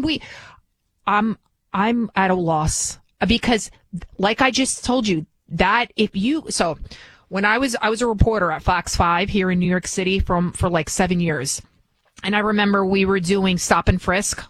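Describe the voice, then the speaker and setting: A woman's voice: medium pitch, a bit bright, no room sound, low-quality recording. A woman hosting a political commentary show, delivering an opinionated monologue full of rhetorical questions and restarts.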